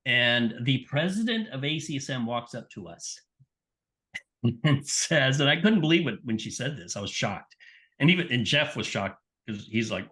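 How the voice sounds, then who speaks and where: The speaker is a middle-aged man, a sports nutrition scientist, with a mid-range voice and a moderate pace. As a podcast guest he tells stories casually and with energy, slipping into character for each person he quotes.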